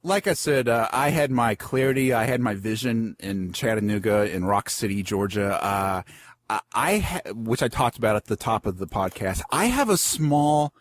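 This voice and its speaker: A man's voice: lowish voice, moderate pace, a little hiss or hum. A man hosting a casual podcast chat, stuttering and repeating words as he talks. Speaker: podcast host.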